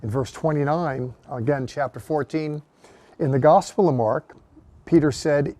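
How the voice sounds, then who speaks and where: A man's voice: medium pitch, unhurried, mellow. A middle-aged man giving an earnest teaching sermon, reading scripture aloud and voicing the quotes with emphasis. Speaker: Bible teacher.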